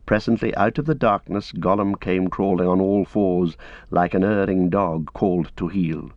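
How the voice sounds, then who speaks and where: This man reads a fantasy story aloud in a steady, measured way, his voice sitting low. The recording is dry and close but a bit dull and lo-fi. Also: no echo. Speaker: audiobook reader. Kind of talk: scripted narration.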